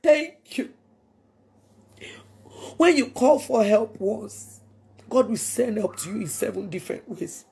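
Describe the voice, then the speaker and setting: A Nigerian woman speaks in a high, husky voice. She gives an impassioned, prayerful address and hammers her points home by repeating them. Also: lively intonation, slow pace, long pauses, mellow. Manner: emphatic, prayerful, repeats phrases for force. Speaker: public statement speaker.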